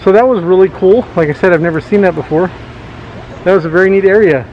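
A man's voice: high voice, fast talker, highs cut off, a little hiss or hum. A man casually vlogging on a zoo visit, joking and chatting to his viewers. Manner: jokey, chatty, talks to viewers. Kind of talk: casual vlog commentary. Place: outdoors at a zoo.

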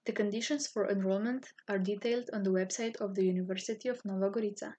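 Woman, English, husky breathy tone, formal scripted narration. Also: mid-range voice, fast, highs cut off. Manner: formal, even-toned reading. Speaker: university student office staff.

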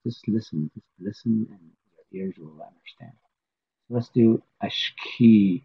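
Man, language teacher, husky voice, very deep, patient repetition. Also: narrow, tinny audio. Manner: slow, patient, repeats words many times. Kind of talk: recorded language lesson.

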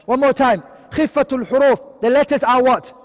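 High-voiced male tajweed teacher quizzing. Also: in a large hall. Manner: quizzing, asks and answers his own questions; recites Arabic terms quickly, then explains in English. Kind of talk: online lesson.

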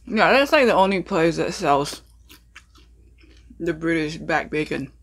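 With a low voice, lively intonation, and an unhurried pace, a woman food vlogger chats through cooking and eating breakfast. She talks right to her viewers, asks them questions, and says um and uh a lot in this casual mukbang chat. Faint music and slight noise sit in the background.

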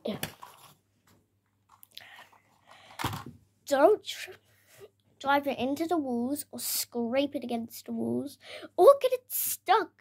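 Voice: high voice, lively intonation, unhurried. A child voicing a bossy, short-tempered toy fox who scolds a friend in a plush toy video. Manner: bossy, scolding, mock-threatening. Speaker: puppeteer voicing plush toys.

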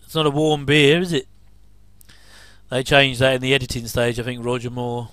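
Chatty man, smooth dry voice. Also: medium pitch, little pitch movement, normal speed, a bit bright, no echo. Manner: chatty, jokey asides with chuckles. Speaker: commentary host. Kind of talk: casual watch-along commentary.

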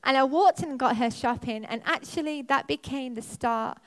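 A woman pastor preaching a sermon in a church, telling a personal story in an animated way, her voice leaping up as she relives moments. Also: high voice, normal speed. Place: church auditorium.

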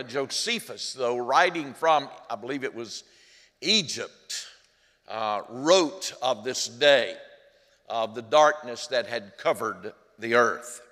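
A male pastor preaching a sermon in a church, speaking earnestly, rising loud on quoted cries and dropping low and hushed at tender moments. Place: church sanctuary. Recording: long hall reverb.

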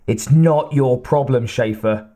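A man's voice: mid-range voice, moderate pace, a little mellow, lightly acted. Man doing a bellowing angry police captain. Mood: furious. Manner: bellowing, growling.

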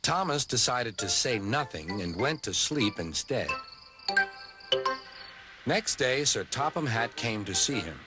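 An American man narrating a children's TV story in an expressive, storybook manner. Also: mid-range voice, slow. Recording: music bed under the voice.

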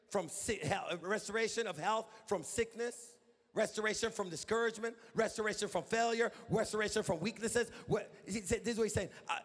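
Preaching pastor in a reverberant church. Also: male voice, high voice. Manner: preaching with rising shouts and call-and-response. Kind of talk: sermon. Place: church sanctuary.

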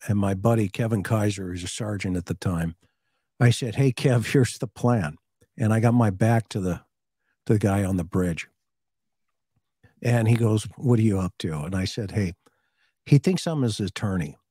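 Low, mellow-voiced man telling a story. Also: no echo, studio quality. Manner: animated storyteller, acts out both sides of dialogue. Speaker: co-host, former police officer and hostage negotiator. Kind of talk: casual true-crime discussion and storytelling.

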